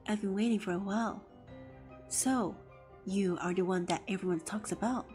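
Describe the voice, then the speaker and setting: A woman voicing an aloof, cold-voiced female queen in a game-character impression, soft and hazy in tone. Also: mid-range voice, normal speed, faint music behind, natural voice. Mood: aloof, welcoming.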